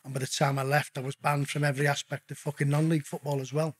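Husky, blunt, sweary middle-aged man. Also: a little high, level tone, quick pace. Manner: blunt, swears constantly, calls the listener mate. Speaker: podcast guest. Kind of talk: casual storytelling interview.

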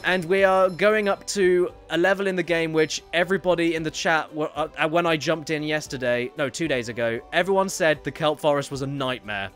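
Game streamer, man, a bit higher pitched, casual and rambling, light game music underneath. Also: fairly bright tone. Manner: chatty, reads viewer messages aloud with quick asides. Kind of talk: casual live-stream chat while gaming. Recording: faint game music behind.

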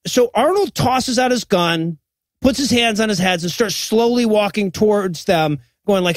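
Man, high voice, podcast co-host, profane animated movie recap, dry close sound. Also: unhurried, no room sound. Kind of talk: comedic movie recap chat.

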